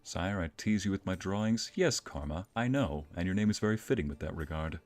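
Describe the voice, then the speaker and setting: A man's voice: low voice, expressive, fairly quick, a little mellow, dry recording. A man streaming a video game, chatting casually with viewers, reading their messages aloud and joking around. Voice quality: playful, chatty, reads chat aloud and jokes. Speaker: streamer and narrator. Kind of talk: casual live-stream commentary. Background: game music.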